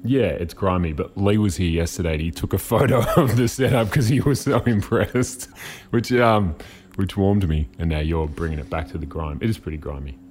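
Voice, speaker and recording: A very low, deep baritone man talks casually in a home garage. He rambles and jokes at his own expense. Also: normal speed, a little mellow, a little hiss or hum. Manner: rambling, self-mocking. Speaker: podcast host. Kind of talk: casual chat.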